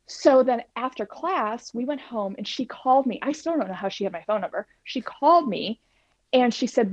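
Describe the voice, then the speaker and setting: A woman with a somewhat high voice tells her own story in an interview, animated and acting out what people said. The recording is dull and lo-fi, with a dry, close sound. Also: moderate pace, dry recording. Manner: animated, acts out quoted dialogue. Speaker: plant-based cooking instructor, guest.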